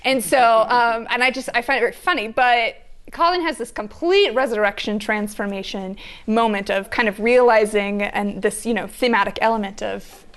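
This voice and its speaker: Guest writer, woman, fairly high voice, chatty with lots of restarts. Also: moderate pace. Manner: chatty, laughing, searching for words. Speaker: guest author. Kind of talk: live onstage conversation.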